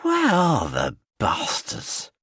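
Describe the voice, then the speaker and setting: A man's voice: a little high, huge pitch swings, drawn-out words, a bit bright, breathy edge, dry recording, studio quality, voice pushed up, exaggerated voice. A male narrator voicing a drunk, slurring, grey-haired older soldier with pompous, befuddled dignity in an audiobook. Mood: drunken bluster. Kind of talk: audiobook character voice.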